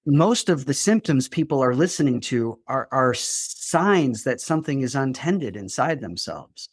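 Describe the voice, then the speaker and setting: A man's voice: medium pitch, very animated, unhurried, breathy edge, no room sound, studio quality. A man, a therapist and grief coach, explaining his work as an interview guest in an earnest way, with small restarts.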